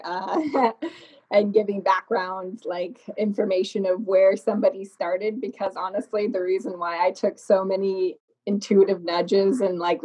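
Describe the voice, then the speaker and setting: Chatty woman with a husky voice. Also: mid-range voice, warm tone. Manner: chatty, laughs often, many fillers. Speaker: podcast guest, makeup artist. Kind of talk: casual storytelling interview. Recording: slightly dull lo-fi sound.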